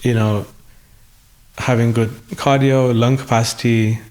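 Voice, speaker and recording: A man's voice: medium pitch, level tone, measured pace, darkish tone. A man in a conversational interview, speaking thoughtfully with hesitant restarts, his voice still recovering after an illness. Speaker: guest musician.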